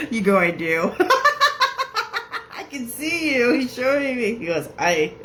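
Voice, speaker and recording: A woman giving a casual psychic reading, chatty and laughing often as she quotes messages in quick bursts. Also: on the high side, sing-song, noisy background. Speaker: psychic medium.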